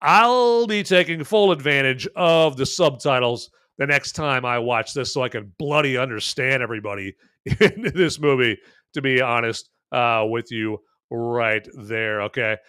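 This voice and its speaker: Man, review host, bright tense voice, dry close sound, rambling, jokey, lots of fillers. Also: mid-range voice, unhurried, clean tone, no echo. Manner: rambling, filler-heavy, with tag phrases like "right there" and "okay?"; enthusiastic and jokey. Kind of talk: casual review chat to camera.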